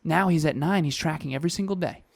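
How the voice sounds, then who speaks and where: A man's voice: on the high side, quick pace, gravelly, dry recording. A man co-hosting a podcast in casual motivational chat, emphatic and fond of repeating key phrases. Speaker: podcast co-host.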